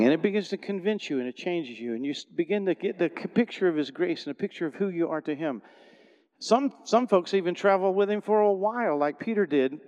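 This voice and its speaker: A middle-aged man preaching a sermon in a conversational storytelling way, often restarting sentences and swinging between loud and soft. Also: sits high, in a large hall, muffled recording. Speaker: pastor.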